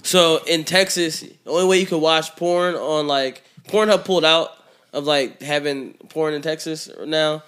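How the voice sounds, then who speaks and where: Slangy guy chatting loose and rambly, voice a bit high, laughs a lot. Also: unhurried, a bit bright. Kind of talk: casual chat.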